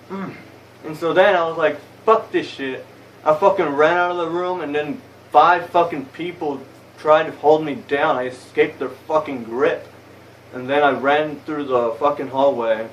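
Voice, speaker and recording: A man's voice: a little high, recorded from a distance, a little hiss or hum, rough recording. A young man telling a story in a casual vlog, rambling and swearing a lot, heated and blunt. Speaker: vlogger. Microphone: phone camera.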